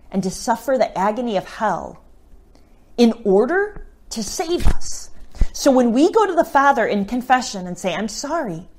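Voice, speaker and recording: A woman's voice: fairly high pitch, darkish tone. A middle-aged woman, a Catholic missionary, giving an informal teaching talk on scripture and often checking in with the listener. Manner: conversational, often checks in with a tag question.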